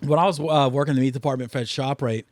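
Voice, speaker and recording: A man hosts a casual podcast chat, swearing freely and padding his talk with fillers. His voice sits at a middling pitch. The sound is dry and close. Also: fairly even intonation, fast, no echo. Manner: loose and profane, many fillers. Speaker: podcast host.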